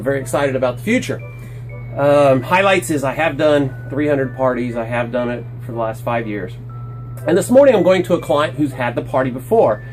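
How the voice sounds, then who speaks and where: A man in a casual vlog, telling a lively story inside a small playhouse, acting out the people he quotes and joking about himself. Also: medium pitch, low-quality recording. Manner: animated, acts out quotes, self-deprecating jokes. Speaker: playhouse builder and rental owner.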